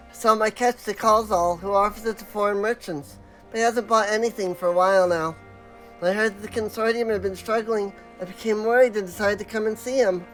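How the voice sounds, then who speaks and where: Casting: a shy male elephant-creature fisherman from a video game, high and bashful, eager to please, as a man puts him on. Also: a bit bright. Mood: nervous. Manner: timid, polite, nervous.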